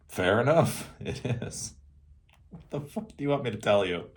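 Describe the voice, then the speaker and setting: A man's voice: medium pitch, very animated, takes it slowly, long pauses, darkish tone. A man hosting a casual rant, rambling, swearing freely and often laughing. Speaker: host.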